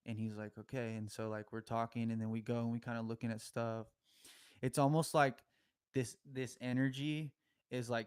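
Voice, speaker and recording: A young man spins a long, meandering story on a podcast, full of slang and loose asides. His voice sits at an ordinary middle pitch. He laughs easily as he talks. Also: little pitch movement, moderate pace, clean tone. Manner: rambling, slangy, laughs often mid-story.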